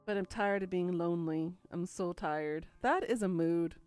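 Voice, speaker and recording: A woman's voice: lowish voice, normal speed, a little mellow, smooth, soft background music. A woman narrating a first-person story in a dry, musing, inward way.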